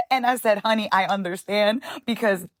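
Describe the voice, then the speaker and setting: A woman chef guest telling emotional personal stories in a lively way, calling the listener "honey" and slipping into Spanish phrases. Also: medium pitch, normal speed, no room sound. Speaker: guest, chef and cookbook founder.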